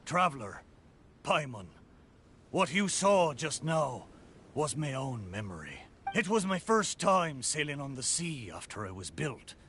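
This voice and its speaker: An actor voicing the friendly, pirate-like spirit of a ship in a video game, who speaks wistfully but breaks into hearty pirate exclamations. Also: male voice, a little high, sing-song, a little slow, a bit bright, slight background noise. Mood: reminiscing. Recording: game audio with faint music.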